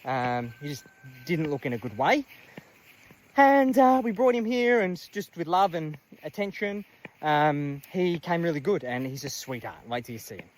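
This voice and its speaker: A man with an expressive, slightly high voice shows viewers around his animal sanctuary in a casual walking tour vlog, set in a farm paddock. He speaks at a moderate pace, rambling chattily with many fillers, and the recording quality is low.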